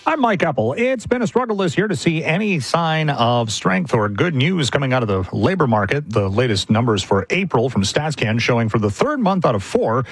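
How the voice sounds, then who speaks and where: Male business reporter, husky voice, animated pitch, dry sound. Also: moderate pace, few pauses, soft background music. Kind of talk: scripted business news report.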